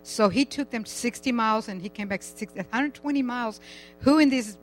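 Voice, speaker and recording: A woman's voice: on the high side, a little fast, soft background music, poor audio. An older woman giving a rambling, chatty personal testimony in church, laughing now and then as she talks.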